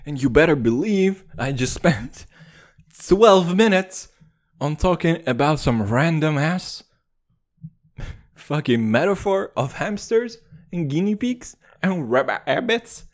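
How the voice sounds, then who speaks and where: A man's voice: fairly high pitch, slow. A man from Russia delivering a rambling, profane comedic rant, riffing on tangents and calling the listener dude. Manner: animated, calls the listener dude.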